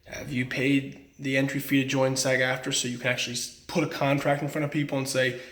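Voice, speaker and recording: Young actor guy venting and giving a buddy advice, mid pitch, kinda echoey room. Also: flat delivery, brisk, a bit bright. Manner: earnest, frank advice to a friend. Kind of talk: casual talk to camera.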